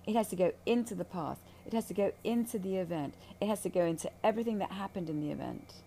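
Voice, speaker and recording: A woman's voice: mid-range voice, fast talker, mellow, a little hiss or hum. A woman who guides ayahuasca ceremonies, talking candidly about spiritual healing in a blunt, intense, profane way.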